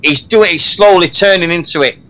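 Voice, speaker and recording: Chatty bright-voiced man. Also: high-pitched, brisk, rough recording. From Britain. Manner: chatty, laughs often, says "mate". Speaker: radio show host. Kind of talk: casual wrestling chat.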